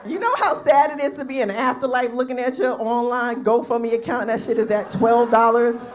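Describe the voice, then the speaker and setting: A woman's voice: on the high side, a little fast, few pauses, a crowd in the background. A woman comedian from New performs a stand-up set in a brash, profane, conversational way, often tossing in tag questions. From New York.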